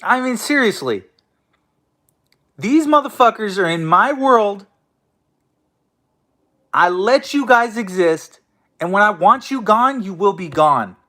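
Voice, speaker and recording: A man's voice: high voice, expressive, takes it slowly, long pauses, pushed and bright. A man hosting his own online show, ranting angrily at his listeners with constant swearing and stammered restarts. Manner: profane, confrontational, stammering restarts. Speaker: host of an online audio room show. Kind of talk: angry ranting monologue.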